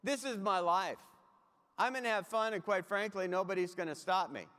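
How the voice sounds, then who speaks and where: A man's voice: sits high, moderate pace, bright, forceful tone. A man giving a humorous keynote talk, telling comic anecdotes and speaking straight to his audience. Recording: long hall reverb.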